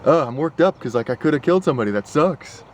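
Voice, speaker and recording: A man's voice: on the high side, lively intonation, fast talker, slight background noise. A young man talking casually in a vlog, rambling and worked up, full of fillers and asides. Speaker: vlogger. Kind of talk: casual chat. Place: partly in a car.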